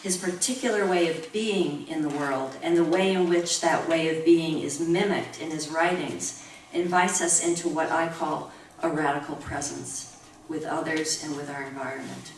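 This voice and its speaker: A woman's voice: low-pitched, fairly even intonation, slight background noise. A woman in her sixties, a professor reading a reflective academic tribute talk with personal anecdotes. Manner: measured, reflective reading, chuckling during anecdotes. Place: university lecture room. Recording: roomy room recorded from far off.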